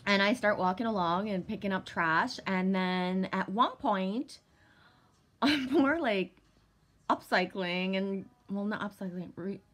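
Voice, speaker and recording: Speaking slowly at a medium pitch, a vlogger works her way through a long, casual story. It's rambling and filler-heavy, peppered with frequent swearing and sudden bursts of giddy excitement.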